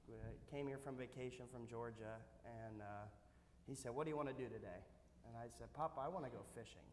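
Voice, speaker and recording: Young man, mid pitch, sincere halting eulogy, reverb-heavy hall. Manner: earnest, halting, with "uh" fillers. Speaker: grandchild giving a eulogy. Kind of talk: memorial speech. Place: temple sanctuary. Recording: long hall reverb, faint hiss.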